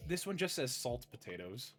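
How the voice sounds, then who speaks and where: A man's voice: mid-range voice, very animated, normal speed, faint music behind. A man hosting a casual chat, reading recipes aloud and laughing often. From United States. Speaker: podcast host.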